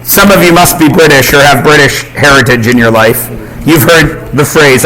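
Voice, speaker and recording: A man's voice: a little high, moderate pace, sharp tone, low-quality recording. A man teaching a math class, quizzing students and cracking jokes. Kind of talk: classroom lesson.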